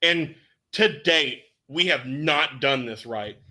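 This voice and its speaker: A man's voice: medium pitch, slow, bright, forceful tone. A man co-hosting a movie podcast in casual chat, blunt and emphatic, swearing now and then. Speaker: podcast co-host.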